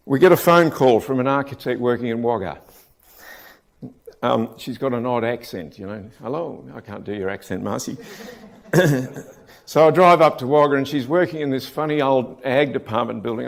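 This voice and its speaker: A man with an Australian accent giving a joking, anecdotal conference talk as a building contractor, clearing his throat often and restarting his sentences. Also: medium pitch. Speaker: conference speaker, rammed earth contractor.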